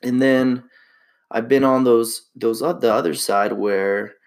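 Creaky-voiced laid-back young man. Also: medium pitch, fairly even intonation, slow pace. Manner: laid-back and slangy, reflective. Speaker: podcast host. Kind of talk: casual solo podcast monologue.

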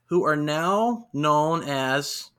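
A young man co-hosting a casual wrestling recap podcast, animated and quick to laugh. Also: fairly high pitch. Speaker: podcast co-host.

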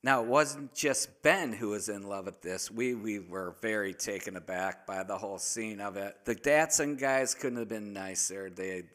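A man's voice: lowish voice, moderate pace, hardly any pauses, a bit bright. An American man, a drummer, telling a rambling, self-deprecating tour story in a wry, casual way. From United States.

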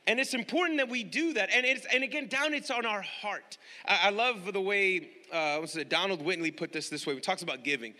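Bright-voiced man preaching in an echoing hall. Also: sits high, animated, a little fast, few pauses. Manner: emphatic, repeats key phrases, questions the congregation directly. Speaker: pastor. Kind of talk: sermon.

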